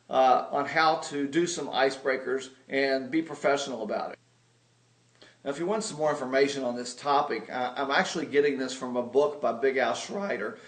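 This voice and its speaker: A man's voice: mid-range voice, reverberant. A man giving a humorous, self-deprecating sales lesson, telling stories with comic exaggeration. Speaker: video blogger teaching sales.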